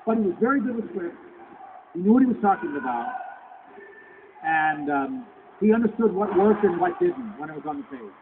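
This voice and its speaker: A man in his sixties telling stories as a convention panel guest, halting with many restarts. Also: sits high, big pitch swings, creaky. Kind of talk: anecdotal Q&A talk. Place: convention hall. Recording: tinny lo-fi convention hall recording with background noise.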